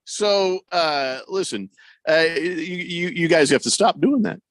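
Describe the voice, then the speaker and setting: A man's voice: on the high side, takes it slowly, no room sound. A man hosting casual sports radio banter, joking and reading out listener messages on a studio microphone. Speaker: radio host.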